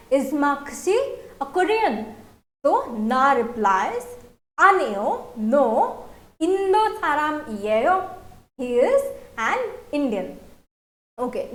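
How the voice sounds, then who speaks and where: Lively high-voiced woman teaching a language. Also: roomy sound. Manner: explains slowly, repeats example sentences. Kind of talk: online language lesson.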